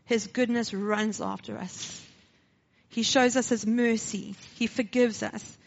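A woman speaking slowly in a slightly high, gravelly voice with a South African accent tells her personal testimony at church. She acts out the dialogue with animation before moving into a short sermon, and the recording is dull and lo-fi.

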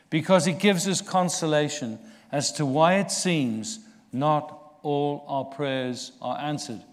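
A man preaching a sermon, slow and earnest, rising in force for emphasis. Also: on the high side. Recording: long reverb of a large hall.

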